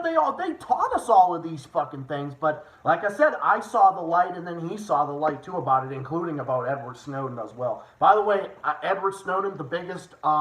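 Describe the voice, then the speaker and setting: A young man hosting a casual livestream, excitable and rambling, swearing often with quick restarts. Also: fairly high pitch. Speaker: livestream host. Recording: echoey room, faint noise.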